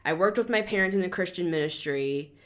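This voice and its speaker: A woman's voice: brisk, a bit bright. A woman in her thirties giving a blunt, scolding tarot reading in a casual monologue. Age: 30s. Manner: blunt, scolding, emphatic with sudden high outbursts. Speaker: tarot reader.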